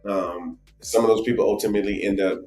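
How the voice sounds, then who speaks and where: A man with a New Jersey accent co-hosting a casual travel live stream, rambling and animated with lots of restarts. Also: fairly low pitch, a little fast, echoey room, soft background music. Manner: animated, rambling, many restarts and "you know". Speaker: travel show co-host.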